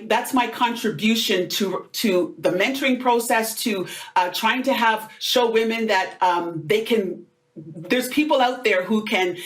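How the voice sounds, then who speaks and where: A middle-aged woman, a motivational speaker, telling stories in an animated, conversational way during an interview. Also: mid-range voice. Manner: animated, acts out quoted voices.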